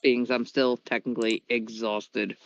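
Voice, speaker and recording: A man playing a tabletop game, speaking terse and gruff lines in character as a fighter. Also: mid-range voice, flat delivery, a little slow, highs cut off. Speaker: player.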